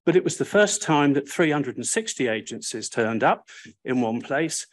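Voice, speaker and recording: A man's voice: medium pitch, animated, moderate pace. An older man speaking on a panel, recounting history in a wry, self-deprecating and emphatic way. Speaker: panel speaker, Sphere's first chair.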